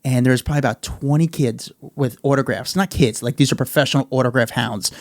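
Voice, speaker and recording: Fast-talking man telling stories on a podcast. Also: medium pitch, dry recording, clean studio sound. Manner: rapid, chatty anecdote teller. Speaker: guest, street journalist. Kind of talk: casual podcast chat, storytelling.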